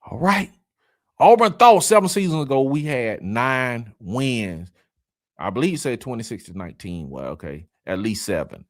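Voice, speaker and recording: A man's voice: mid-range voice, normal speed, dry recording, clean studio sound. A man hosting a casual sports talk livestream, reading viewer comments in a loose, laughing way, dropping y'all and man. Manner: lively, laughing, Southern slang like y'all and man. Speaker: live stream host reading comments.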